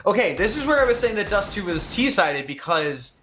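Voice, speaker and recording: A man hosting a stream, animated and joking, with swearing sprinkled in. His voice is bright and a touch high. A faint hiss runs underneath. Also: normal speed. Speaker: stream host. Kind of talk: casual chat on a watch-party stream.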